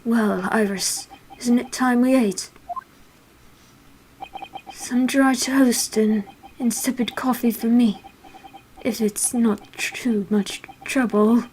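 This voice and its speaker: A woman's voice: on the high side, fairly even intonation, slow pace, pauses often, darkish tone, a little hiss or hum. A woman voicing a melancholy, eccentric male detective who declaims his gloom dramatically. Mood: gloomy.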